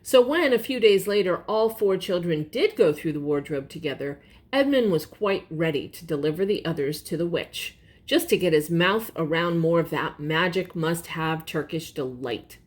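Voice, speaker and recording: An older woman with a fairly low voice animatedly reads a picture book aloud to her grandchildren. She stops now and then to gently explain words and point out the pictures.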